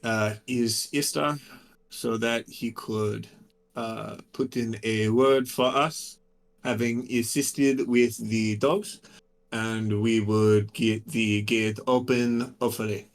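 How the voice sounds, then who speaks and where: A man playing a tabletop game on a live stream, talking slowly with many pauses and fillers in a mock French accent. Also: mid-range voice, steady tone. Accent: mock French put-on. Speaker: tabletop player. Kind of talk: in-character play on a live stream.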